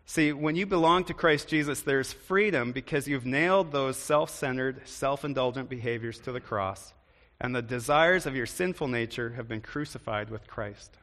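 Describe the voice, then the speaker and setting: A man's voice: mid-range voice, normal speed, a bit bright, in a large hall. A man preaching a sermon in a conversational way, often turning to the congregation with questions. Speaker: pastor.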